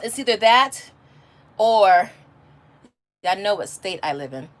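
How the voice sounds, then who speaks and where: Talking slowly in a mid-range, expressive voice, a Californian homeschooling mom answers her live chat over a phone or webcam. Her casual stories wander and keep restarting.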